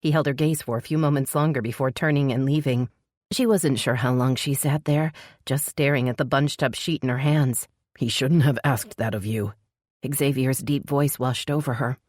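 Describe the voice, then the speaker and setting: A woman reads a novel as an audiobook, measured and even. Her voice is strikingly low. The recording is dry and close to the mic. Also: dry recording. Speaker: audiobook narrator. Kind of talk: scripted audiobook narration.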